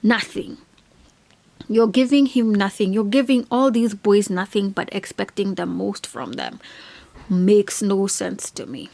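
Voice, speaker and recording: A woman's voice: mid-range voice, a little slow, creaky, dark tone. A young woman giving a casual, opinionated reality TV recap, full of "like" and slang. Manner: chatty, opinionated, heavy on "like". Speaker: reality TV reviewer.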